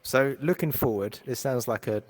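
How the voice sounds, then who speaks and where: A man's voice: medium pitch, normal speed, background noise. A man hosting an interview, asking easygoing, rambling questions in casual chat. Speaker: podcast host, interviewer. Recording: long echoey reverb.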